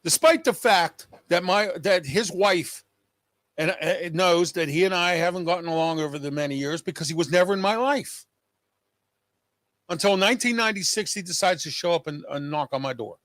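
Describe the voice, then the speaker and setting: A man's voice: high-pitched, moderate pace, fairly bright tone, no echo. A man hosting his own show, talking straight to viewers in an agitated, emphatic way and repeating his points. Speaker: show host. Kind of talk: personal monologue to viewers.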